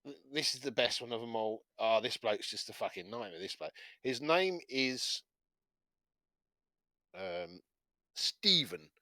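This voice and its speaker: A man chatting on a gaming podcast, telling stories in an animated way, swearing and laughing as he goes. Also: mid-range voice, measured pace, creaky, long pauses, no echo. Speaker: podcast co-host. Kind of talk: casual chat, storytelling.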